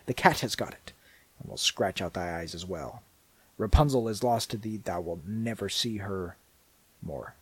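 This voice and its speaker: A man's voice: medium pitch, sing-song, quick pace, few pauses, husky, no room sound, low-quality recording. A man doing a wicked, mocking old enchantress. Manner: mocking, scolding.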